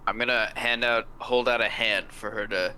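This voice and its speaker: A man playing a tabletop game, excitable and animated. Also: fairly low pitch, normal speed, slight background noise, poor audio. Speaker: player. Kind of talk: casual tabletop play.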